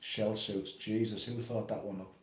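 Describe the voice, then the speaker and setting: A man's voice: on the low side, flat delivery, moderate pace, roomy sound. A man chatting casually and laid-back about pipe smoking, swearing now and then, at home in his conservatory. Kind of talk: casual chat.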